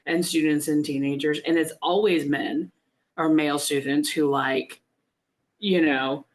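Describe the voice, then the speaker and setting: A woman's voice: low-pitched, steady tone, measured pace. A woman co-hosting a podcast who works as a teacher, rambling bluntly with lots of likes and restarts. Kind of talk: casual film discussion.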